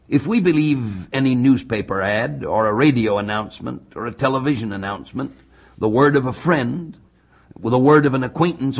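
A man giving expository Bible teaching, measured and deliberate, reading scripture slowly. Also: medium pitch, breathy edge.

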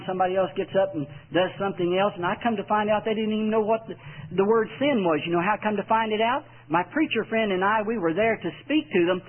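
Folksy preacher on old tape. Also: male voice, high-pitched, phone-quality sound. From Texas. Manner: folksy, repeats key lines for emphasis. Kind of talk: evangelistic sermon.

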